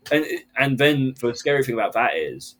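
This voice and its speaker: A man on a casual podcast, ranting with animated, profane energy about a film. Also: medium pitch, moderate pace.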